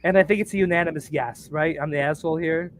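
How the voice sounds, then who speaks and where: A man co-hosting a casual podcast, telling crude stories and cracking himself up. His voice sits a little high for a man. There is a faint hum behind him. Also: fast talker. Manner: crude, joking storyteller who laughs at his own stories. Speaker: podcast co-host. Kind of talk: casual chat.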